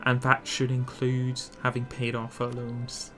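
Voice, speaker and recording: A man's voice: medium pitch, monotone, measured pace, a bit bright, faint music behind. A man narrating an instructional strategy game guide, explaining his plans while thinking aloud and correcting himself as he goes. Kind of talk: instructional gameplay commentary.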